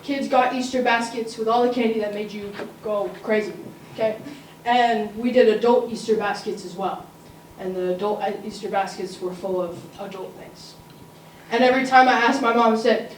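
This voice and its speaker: A woman's voice: on the high side, moderate pace. Teenage girl telling a comic story on stage. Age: teens. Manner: comic, conversational, asides to the audience. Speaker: student storyteller. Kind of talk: live story slam. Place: school auditorium. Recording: roomy, distant mic, faint noise.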